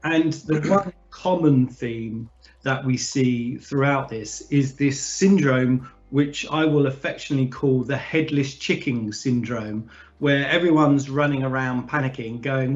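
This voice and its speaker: A man hosting a discussion in a relaxed, chatty way, often pausing and restarting his sentences. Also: mid-range voice, muffled recording. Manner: hesitant, many fillers and restarts. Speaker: podcast host. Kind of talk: casual conversational hosting.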